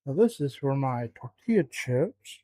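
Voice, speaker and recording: A man's voice: mid-range voice, sing-song, measured pace, dark tone, no room sound. Flustered man muttering in his kitchen. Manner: flustered, muttering, swears often. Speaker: home cook vlogger. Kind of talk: casual talking to himself while cooking. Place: home kitchen.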